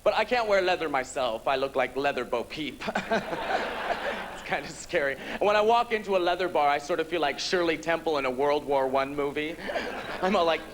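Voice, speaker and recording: Campy high-voiced male stand-up comic. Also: background noise. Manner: campy, rapid punchlines with quoted voices. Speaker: stand-up comedian. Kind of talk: stand-up comedy set. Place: theatre stage.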